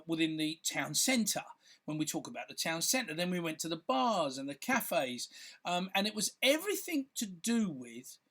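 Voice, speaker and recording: A man's voice: fairly high pitch, fairly bright tone. Chatty man rambling to camera. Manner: rambling and chatty, with frequent fillers and restarts. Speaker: filmmaker and content creator. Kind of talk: casual talk to camera.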